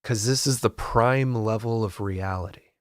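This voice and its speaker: A man's voice: lowish voice, unhurried, no room sound, studio quality. A man hosting a casual comedic art tutorial, rambling and mock-serious, swearing in frustration at his equipment.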